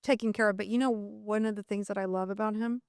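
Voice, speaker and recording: A woman's voice: mid-range voice, fairly even intonation, fast talker, darkish tone, clear, resonant tone, dry recording, clean studio sound. A middle-aged woman from Colombia, chatting enthusiastically as an immigration attorney guest on a podcast. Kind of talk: casual interview chat.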